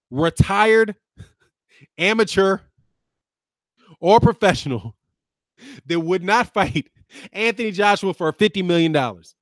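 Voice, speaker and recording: A man's voice: high-pitched, a bit bright, no room sound, clean studio sound. A man in his fifties, a lawyer hosting a boxing channel, ranting back at viewers with combative, sarcastic name-calling. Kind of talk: ranting commentary replying to viewers.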